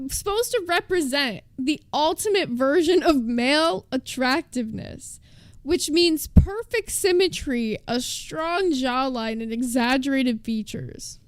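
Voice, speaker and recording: High-voiced chatty woman streamer. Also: dry recording. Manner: chatty, joking, reads terms aloud to chat. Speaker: livestreamer. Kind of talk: casual stream chat.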